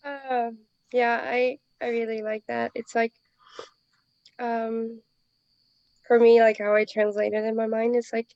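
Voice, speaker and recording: A woman's voice: on the high side, little pitch movement, a little slow, long pauses, a little mellow, smooth, dry recording. A woman co-hosting a podcast, sharing her thoughts hesitantly and reflectively. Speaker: podcast co-host. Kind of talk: casual reflective conversation. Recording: slightly muffled audio.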